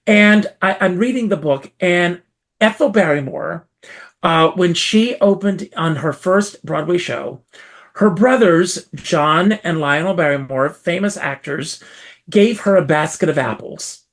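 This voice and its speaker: A man from South Carolina, a performer, telling his story as a guest in an interview, with lively theatrical emphasis. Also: high-pitched, measured pace.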